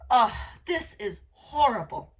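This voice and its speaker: A pompous little frog prince, as a woman puts him on for a storybook. He pleads in a prim, genteel way, and his voice sounds husky. His tone swings widely from high to low. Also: very animated, slow, full character voice. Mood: dismayed. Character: pompous frog prince, young man, self-pitying.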